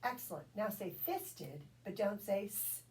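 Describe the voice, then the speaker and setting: A woman tutoring one-on-one in a phonics drill, patient and encouraging, sounding out each letter slowly. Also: medium pitch, sing-song, a little mellow. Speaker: reading tutor. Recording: distant mic with faint background noise.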